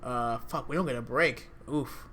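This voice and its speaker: Bright-voiced young man podcasting. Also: medium pitch, slight background noise. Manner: candid, swears freely, fast show sign-off. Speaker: podcast co-host. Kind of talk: casual esports chat.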